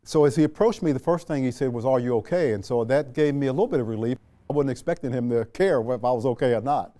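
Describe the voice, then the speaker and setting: In an interview, a retired general from Washington, D.C. reflects on his past through stories. He talks slowly and calmly at a middling pitch in a mellow voice, frequently restarting and using fillers.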